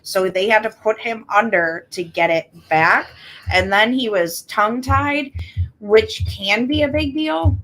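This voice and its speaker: A woman's voice: on the high side, measured pace, a bit bright. A woman co-hosting a casual podcast chat, talking in rambling bits full of restarts and fillers. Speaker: podcast co-host.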